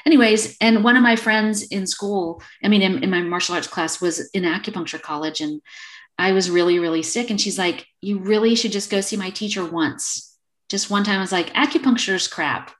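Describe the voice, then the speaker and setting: Lively storytelling woman in her fifties. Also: medium pitch, moderate pace. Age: 50s. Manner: lively storyteller acting out quoted exchanges. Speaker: acupuncturist guest. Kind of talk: casual storytelling interview.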